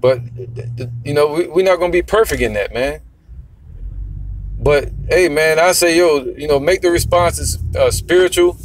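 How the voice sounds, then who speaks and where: A man preaching bluntly and emphatically, swearing now and then and reading scripture slowly. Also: on the high side, a little hiss or hum.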